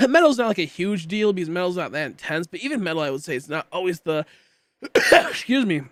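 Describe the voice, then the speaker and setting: A man's voice: high-pitched, big pitch swings, brisk, fairly bright tone, no echo. A man in his late twenties chatting casually while streaming a game, rambling with many fillers and coughing now and then. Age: late 20s. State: coughing, throat tickly.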